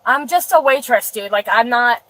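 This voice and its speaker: A woman's voice: on the high side, expressive, normal speed, fairly bright tone, poor audio. A woman being detained by police, talking in an anxious, pleading way. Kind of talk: police bodycam encounter.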